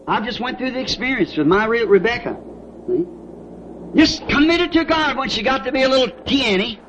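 Folksy man preaching a sermon; high voice on a dull lo-fi tape. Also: lively intonation, a little fast, a bit bright. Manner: folksy storytelling, often asks "See?". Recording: dull lo-fi old tape with faint hiss.

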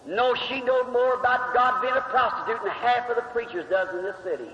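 A folksy male preacher with a very high voice, telling the story with homespun grammar and questions to the crowd. His bright voice rings through a reverberant hall. The old recording sounds muffled and dull. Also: fairly quick, few pauses, a little hiss or hum. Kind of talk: storytelling sermon.

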